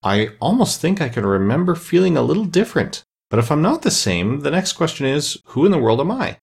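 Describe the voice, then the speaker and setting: A man's voice: on the high side, very animated, brisk, gravelly, a little mellow, slightly rough, voice pushed up, heavily acted. A man doing a fretful little girl's voice. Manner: anxious, rising exclamations. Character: curious fretful little girl, talks to herself.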